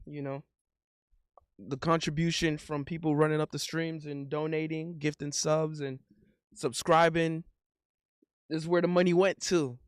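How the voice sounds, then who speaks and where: A man's voice: a little high, flat delivery, unhurried, pauses often, clean tone, no room sound, studio quality. A man in his thirties chatting casually on a livestream, rambling and repeating himself in slangy talk. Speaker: live streamer. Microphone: studio condenser mic.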